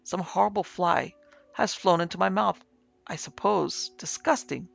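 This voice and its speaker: A man voicing an excitable, irritable big Frenchman with agitated, exclamatory speech in an audiobook reading. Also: high voice, measured pace, creaky, highs cut off, full character voice.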